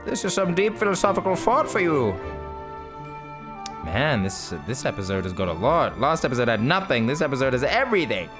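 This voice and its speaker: Game music plays behind a male gaming YouTuber whose mid-range voice swings widely in pitch at a fairly quick pace. Close to a mic in front of his face, he reads game text aloud, laughs at himself, and keeps the let's play commentary playful.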